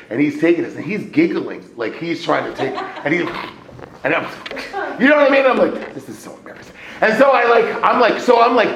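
A man telling a personal testimony to a live audience as an animated storyteller. His delivery swings from loud excitement to hushed near-whispers. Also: mid-range voice. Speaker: speaker sharing his recovery story. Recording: echoey room.

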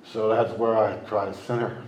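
A man sharing his personal recovery story at a meeting, rambling and halting, with many restarts and fillers. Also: on the low side, level tone, a little mellow, roomy sound, slight background noise, low-quality recording. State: emotional at times. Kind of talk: personal testimony.

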